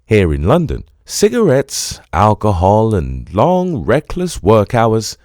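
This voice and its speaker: A man voicing an elderly German gentleman who speaks formal, precise English with a German accent in an audiobook. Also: lowish voice, wildly swooping pitch, no echo, studio quality, exaggerated voice. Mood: solemn. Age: older. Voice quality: formal, precise, deliberate delivery.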